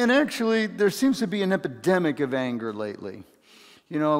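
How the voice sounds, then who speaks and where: A man's voice: on the high side, big-room sound. A man preaching a sermon as a pastor, telling stories with chatty asides and acting out voices. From California.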